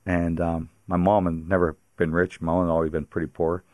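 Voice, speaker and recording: Level in tone and fairly quick, a little mellow and very deep, a priest from near Pittsburgh shares his faith story as a radio guest. He's a chatty storyteller who breaks into laughter often, recorded dry and close with no room behind him.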